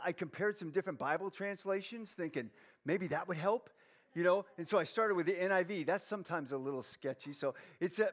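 A pastor with a noticeably high voice gives a lighthearted sermon. He teases himself, reads Bible verses aloud, and moves easily between jokes and earnest teaching. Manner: playful, self-mocking, reads scripture aloud. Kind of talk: humorous sermon.

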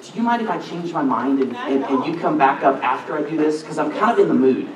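A man preaching a sermon in a church, excitable and animated, often breaking off mid-sentence. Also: fairly high pitch, fairly quick, crowd noise. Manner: excitable, animated, self-interrupting. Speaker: pastor. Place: church sanctuary. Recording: echoey church hall, distant mic.

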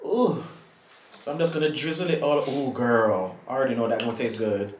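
A young woman co-hosting a mukbang in casual chat, sassy and animated, often calling people "girl.". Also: extremely low pitch, normal speed. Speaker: mukbang co-host. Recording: roomy echo.

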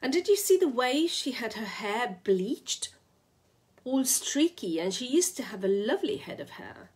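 A woman's voice: big pitch swings, brisk, darkish tone. A woman reading aloud, voicing a chirpy, slightly hysterical middle-class English wife who gushes and shrieks. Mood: indignant. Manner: chirpy, gushing, shrill.

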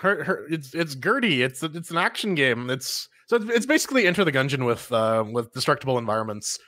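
A man co-hosting a gaming podcast, chatting excitedly and often repeating words as he gets going. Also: mid-range voice, fairly quick. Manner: animated, stumbles over repeated words. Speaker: podcast co-host. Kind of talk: casual chat.

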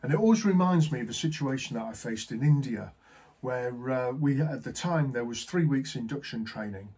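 A man's voice: medium pitch, lively intonation, normal speed, darkish tone, breathy edge. A man working as a sales trainer, telling a story to camera and acting out both sides of the dialogue.

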